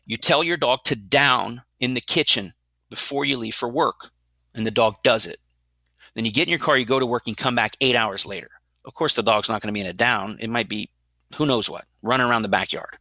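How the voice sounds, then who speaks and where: A middle-aged man, a dog trainer and guest, explaining training in an energetic, blunt way with rhetorical questions. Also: mid-range voice, brisk, no room sound. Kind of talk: explanatory interview talk.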